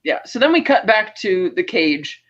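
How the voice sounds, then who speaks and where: High bright-voiced guy retelling a movie plot, acting out lines, dull lo-fi sound. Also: normal speed. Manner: animated storyteller, acts out lines of dialogue. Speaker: podcast host, film reviewer. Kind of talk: casual review chat, retelling a plot.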